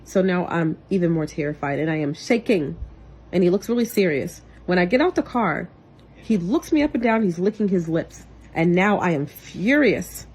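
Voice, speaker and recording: Young woman, direct-to-camera testimony; earnest and intense, with sharp swings from loud to hushed. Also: animated, normal speed, breathy edge. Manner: earnest, intense, swings between loud outbursts and quiet low passages. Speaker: vlogger and single mother. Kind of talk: emotional personal testimony to camera.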